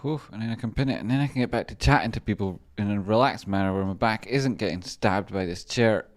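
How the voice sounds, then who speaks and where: Low-voiced mumbling Scottish man. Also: fast, dry recording. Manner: mumbling, muttering to himself while working. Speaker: livestreamer and stock chart analyst. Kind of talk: casual live-stream chatter.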